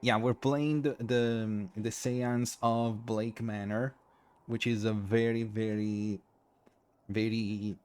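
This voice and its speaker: A man with a fairly low voice hosts a late-night game stream, rambling to chat and giggling through his apologies. He sounds tired and drained, yet keeps the talk going. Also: little pitch movement, slow pace, darkish tone, clean tone. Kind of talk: casual live-stream chat.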